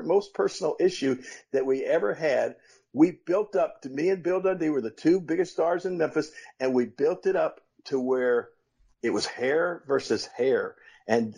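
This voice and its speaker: An older man, co-hosting a podcast and telling animated stories from his wrestling days. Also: fairly high pitch, vocal fry, husky. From United States. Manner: animated storyteller, voices quoted people. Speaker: podcast co-host, former wrestler. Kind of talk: casual storytelling chat.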